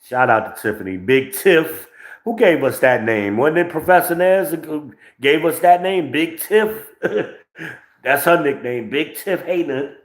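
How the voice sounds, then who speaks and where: A New Jersey man with a New Jersey accent hosts his podcast as a profane livestream, rambling brashly. His voice is on the high side, with lively intonation and a measured pace. It's recorded on a phone with no microphone and sounds reverberant.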